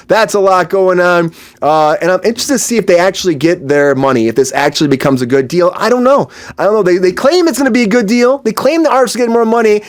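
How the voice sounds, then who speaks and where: A man hosting an entertainment news show, chatting casually in a rambling way that repeats itself. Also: sits high. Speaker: host.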